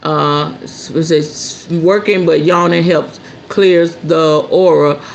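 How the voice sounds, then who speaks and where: A woman's voice: sits low, steady tone, takes it slowly, gravelly, reverberant, slight background noise. A woman hosting a spiritual talk show in a casual monologue, blunt and preachy. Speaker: host.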